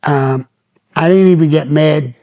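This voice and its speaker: Older new guy telling stories on his podcast, blunt, curses a lot, slightly high voice. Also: unhurried, mellow. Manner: blunt, profane, plainspoken storyteller. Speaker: podcast host. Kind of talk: storytelling podcast.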